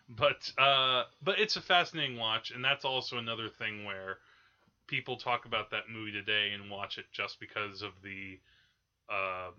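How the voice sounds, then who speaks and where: Rambling bright-voiced man talking films. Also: lowish voice, highs cut off. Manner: rambling, many fillers and restarts. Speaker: podcast host. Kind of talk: casual film discussion.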